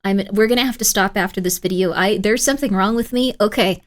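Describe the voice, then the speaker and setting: A woman's voice: medium pitch, fast talker. A woman streamer chatting casually with her live chat, giggly, rambling and full of apologies. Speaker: streamer reacting to videos.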